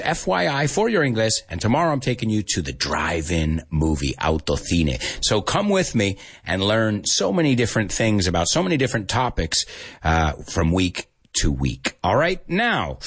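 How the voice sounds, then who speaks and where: Brief: lively American teacher, playful, very expressive pitch, casual stream. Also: male voice, husky. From United States. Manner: animated, playful, mixes in Spanish. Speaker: English teacher. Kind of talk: live stream English lesson.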